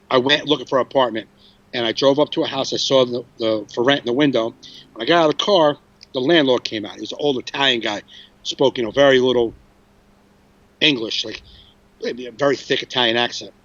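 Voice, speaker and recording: Comedian host, 40s, loose storyteller, swears freely; muffled, dry recording. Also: male voice, medium pitch, fairly quick, long pauses, fairly bright tone, no room sound. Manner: rambling, frequent restarts and swearing. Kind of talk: casual storytelling chat.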